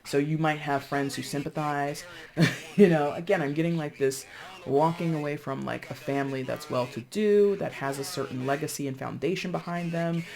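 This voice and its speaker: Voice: medium pitch, normal speed, creaky, darkish tone. Chatty tarot reader talking to camera. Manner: chatty, acts out other people's reactions in quotes; thinks aloud with frequent fillers and restarts. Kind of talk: casual tarot reading to camera.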